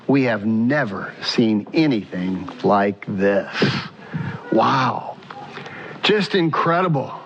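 A man's voice: on the high side, fairly bright tone, slight background noise. A male pastor preaching a sermon in an earnest style, putting questions to the congregation. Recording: muffled sound with long church reverb.

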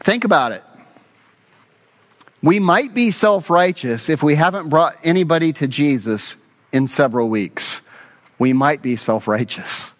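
A man's voice: a little high, animated, measured pace, long pauses. Earnest male pastor preaching. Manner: earnest, emphatic preaching with repeated phrases. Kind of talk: sermon.

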